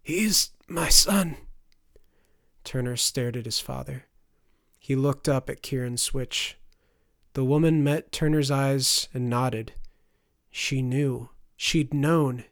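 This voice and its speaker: A man narrating a fantasy audiobook in a measured storytelling voice. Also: medium pitch, steady tone, no echo, studio quality.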